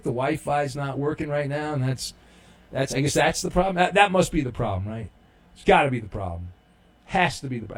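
A man hosting a sports talk show, reading listener messages in a rambling, casual way with many fillers and restarts, and a dry, sarcastic humor. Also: mid-range voice.

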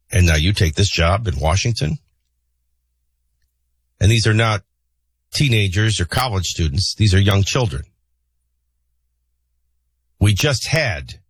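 A man hosting a morning talk radio show, mixing news headlines with opinionated, conversational commentary and frequent filler pauses. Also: fairly low pitch, husky, dry recording, clean studio sound. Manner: opinionated, conversational, sarcastic asides. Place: radio studio. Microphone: studio broadcast mic.

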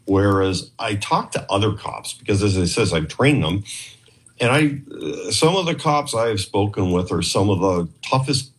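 Low-pitched man from Canada, rambling guest who quotes others as he tells a story. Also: lively intonation, moderate pace. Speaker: podcast guest, former investigator. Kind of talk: casual storytelling interview.

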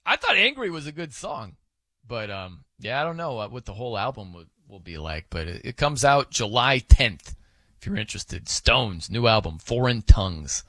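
A man's voice: mid-range voice, sing-song, normal speed, fairly bright tone, no echo. A man hosting a sports radio show in casual, rambling, self-amused banter at a studio microphone.

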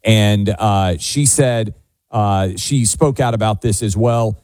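A man's voice: on the low side, slow, a little mellow, no room sound, studio quality. A man from Tennessee hosting a talk radio show, blunt and declarative. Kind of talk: opinionated talk radio commentary.

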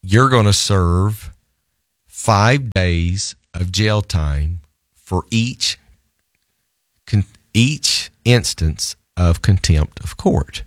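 A man voicing a stern male judge who hands down firm, deliberate rulings. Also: sits low, no echo, clean studio sound.

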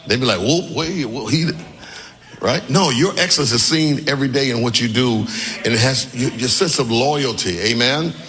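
A man preaching a sermon as pastor, calling on the congregation to answer back and shouting his key lines. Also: medium pitch, fairly quick, big-room sound. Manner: call-and-response preaching, often shouting emphatic lines. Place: church sanctuary with congregation.

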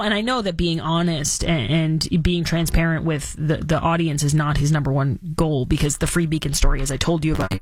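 A woman's voice: deep voice, fairly even intonation, brisk, few pauses, dry recording. A woman hosting a radio talk show, chatting in a sarcastic, mock-dramatic way. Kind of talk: casual opinionated chat.

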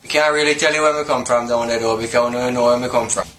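A man's voice: mid-range voice, steady tone, rapid-fire, a bit bright, lightly acted. A man putting on a teasing Jamaican dad. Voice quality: teasing, sing-song patois. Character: older man in a viral video, playful Jamaican patois. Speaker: interviewee in a viral video. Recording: roomy video clip with ambient noise.

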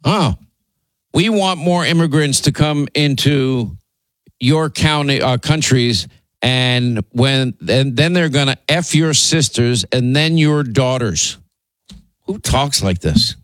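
A man's voice: medium pitch, slow pace, a bit bright, no room sound. A man hosting a talk radio show, delivering indignant, rambling commentary full of restarts. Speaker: radio and podcast host.

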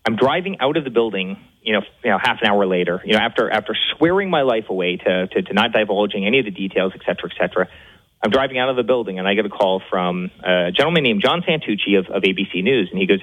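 Fast-talking man on a phone line. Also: lowish voice. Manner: fast, animated, with many restarts and repeats. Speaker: guest.

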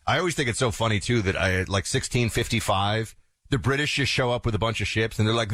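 A man from the Northeastern US co-hosting a talk show, chatting casually and wandering off into animated storytelling asides. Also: lowish voice, quick pace, dry recording. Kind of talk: casual conversational chat.

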